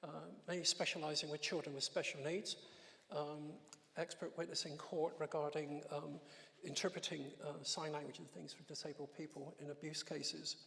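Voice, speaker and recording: A man in his sixties giving his testimony in church, telling an emotional story with halting restarts and soft laughs. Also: on the high side, level tone, creaky, in a large hall. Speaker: guest speaker giving testimony. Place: church hall.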